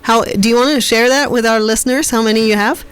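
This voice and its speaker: A woman's voice: on the high side, fast, clean tone. A woman co-hosting a talk radio show, asking the guest questions in a conversational way. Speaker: radio co-host. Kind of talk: casual radio interview.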